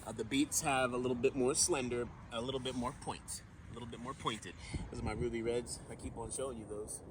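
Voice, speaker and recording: Man, chatty garden vlog, counts aloud, mid pitch, outdoors, faint background noise. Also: steady tone, a little fast. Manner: chatty, counts plants aloud, self-talk. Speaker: vlogger gardener.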